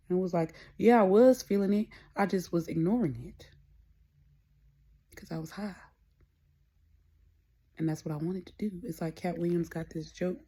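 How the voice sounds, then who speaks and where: A woman's voice: fairly low pitch, moderate pace, pauses often, mellow. A young adult woman hosting a podcast, talking alone in a candid, rambling, conversational way. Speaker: podcast host. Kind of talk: casual solo monologue.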